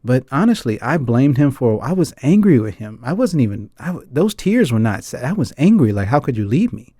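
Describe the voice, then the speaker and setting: A man's voice: medium pitch, sing-song, a little fast, warm tone, no room sound, studio quality. A man from the United States hosting a film chat, talking in an earnest, rambling way and often checking in with his audience. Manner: earnest and rambling, keeps asking the audience "right?" and "guys". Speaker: film discussion host. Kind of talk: casual reflective chat.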